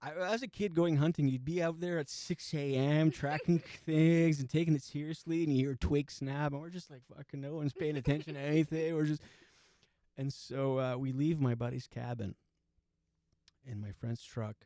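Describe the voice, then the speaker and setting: Podcast host, man, forties, casual and profane storyteller, slightly high voice, dry close sound. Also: steady tone, normal speed, warm tone, dry recording. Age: 40s. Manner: profane, laughs through his own story.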